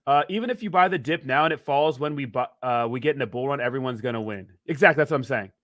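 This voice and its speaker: A man's voice: medium pitch, expressive, quick pace, fairly bright tone, dry recording, clean studio sound. A man hosting a casual crypto livestream, rambling and joking as he reads viewer comments aloud.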